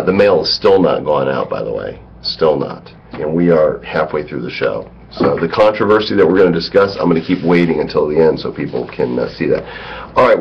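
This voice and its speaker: An American man hosting a casual podcast chat, jokey and bantering. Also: deep voice. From United States. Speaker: host. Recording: dull lo-fi sound.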